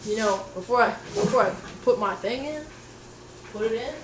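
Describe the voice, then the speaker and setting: Cooking in her home kitchen, a young woman chats casually with her livestream audience, goofy and rambling with the occasional swear. Her voice is a little high, with lively intonation at a normal speed. The mic sits at a distance in an echoey room with background noise.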